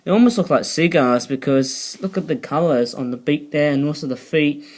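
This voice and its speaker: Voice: mid-range voice, normal speed, a little mellow, poor audio. Rambling British toy reviewer. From United Kingdom. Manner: rambling, digressive, with frequent asides. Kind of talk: casual vlog review.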